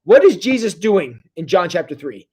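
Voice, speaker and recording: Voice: mid-range voice, big pitch swings, mellow, breathy edge. A pastor giving a casual, joking livestream sermon and reading viewer comments aloud, often stopping and restarting mid-sentence. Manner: jokey, conversational, halting restarts. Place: church.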